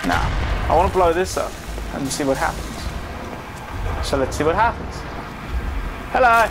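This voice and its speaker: A man giving chatty, excitable live commentary while playing a video game, talking to his viewers and swearing now and then. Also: a little high, normal speed, over music. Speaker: gaming video host. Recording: commentary over loud game gunfire.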